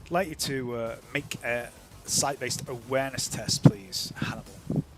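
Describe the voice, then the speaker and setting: A man running a tabletop game as game master, narrating in a relaxed, rambling way with lots of fillers. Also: medium pitch, moderate pace, faint music behind.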